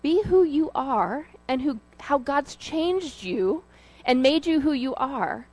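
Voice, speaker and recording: A woman's voice: high-pitched, slow pace, poor audio. Chatty woman preaching a casual sermon. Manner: conversational, animated storytelling with fillers. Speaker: lay preacher. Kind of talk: informal sermon.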